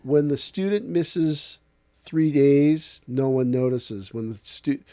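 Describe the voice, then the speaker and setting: A man, an aikido instructor, in a casual podcast talk, telling lively stories and acting out other people's lines. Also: mid-range voice, slow pace, no echo, clean studio sound. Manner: animated storyteller acting out other people's voices.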